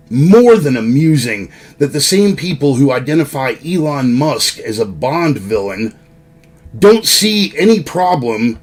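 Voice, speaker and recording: Sarcastic male online preacher, husky and unhurried, rants with a sneer. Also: fairly high pitch. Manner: sarcastic and ranting, swearing. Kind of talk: sardonic political sermon.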